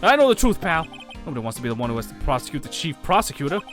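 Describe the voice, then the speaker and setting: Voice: medium pitch, very animated, racing, over music, lightly acted. A streamer voicing an earnest, bumbling male police detective from a game, reading his lines in an eager, emphatic way. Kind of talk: game dialogue read aloud.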